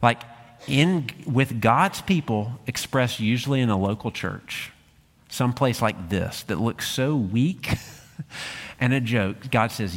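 A male pastor preaches a sermon in a conversational, emphatic style and keeps asking rhetorical questions. His voice sits at a middle pitch for a man. The church hall leaves a long reverb on every line. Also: lively intonation, slow.

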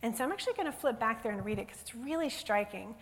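A woman teaching from the Bible in a relaxed, conversational way, telling personal stories with plenty of ums. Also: fairly high pitch, quick pace. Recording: long reverb of a hall.

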